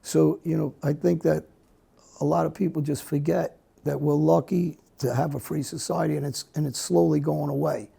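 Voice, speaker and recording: A middle-aged man, an interview guest, speaking bluntly in a halting way with many restarts. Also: fairly high pitch, steady tone, gravelly, warm tone, slightly rough. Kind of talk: candid conversational interview.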